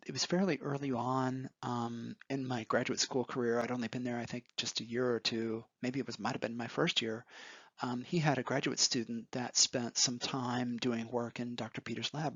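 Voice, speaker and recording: Man, mid-pitch, halting reminiscence over slides, dull dry recording. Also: fairly bright tone, no room sound. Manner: hesitant, many ums and restarts. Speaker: former graduate student.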